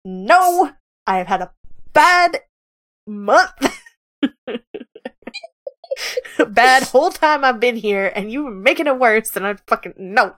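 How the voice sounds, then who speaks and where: Woman doing a four-armed alien captain losing it, cussing nonstop, slow angry talk. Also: close to an everyday voice. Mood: exasperated. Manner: profane, shouting-style outbursts held at low volume.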